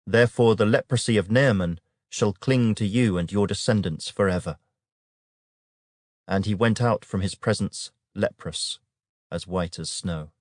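A man with a fairly low voice gives a measured, solemn scripture reading. The sound is close and dry, with no room around it. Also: no echo. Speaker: Bible reader.

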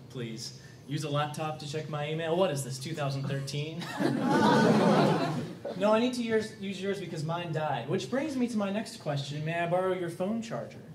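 A man's voice: fairly high pitch, lively intonation, moderate pace. A young man in a comedy sketch, talking in a joking, laughing way, recorded from a distance in a roomy space over a noisy crowd.

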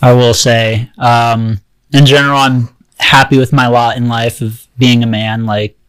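A man on a podcast panel, talking in a wry, joking way with halting fillers. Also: mid-range voice, level tone, fairly bright tone, smooth, dry recording, low-quality recording. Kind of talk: casual panel discussion.

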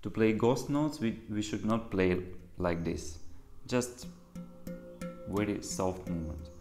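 A man's voice: lowish voice, animated, takes it slowly, music in the background. A man whose first language is Russian teaches a handpan lesson, explaining patiently in simple English. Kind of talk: music lesson instruction. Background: handpan playing.

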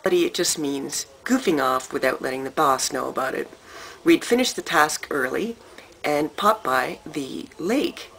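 A woman telling a story to camera in an animated, emphatic way, with dramatic pauses. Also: low voice, gravelly, husky, low-quality recording. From Canada. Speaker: vlogger.

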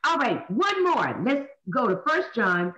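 Woman, minister, animated teaching, fairly high voice, very lively pitch, dull lo-fi sound. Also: unhurried. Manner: preachy, repeats points, asks and answers own questions. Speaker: minister hosting a Bible talk show. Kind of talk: animated Bible study teaching.

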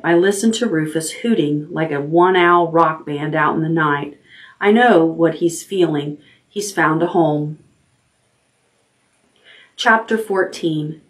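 Low-voiced woman reading a bedtime story. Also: slow pace. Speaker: librarian.

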